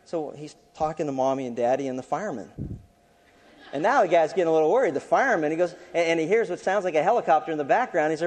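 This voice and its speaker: A man's voice: a little high, quick pace, darkish tone, long reverb tail. A man preaching a sermon as a pastor, telling a story in a conversational way with frequent restarts.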